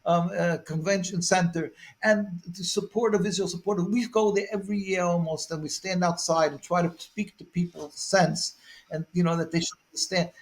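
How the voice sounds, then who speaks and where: Earnest high-pitched rabbi speaking out. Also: male voice, steady tone, normal speed. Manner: earnest, repeats words while searching for them; rises to forceful emphasis. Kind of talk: interview answers.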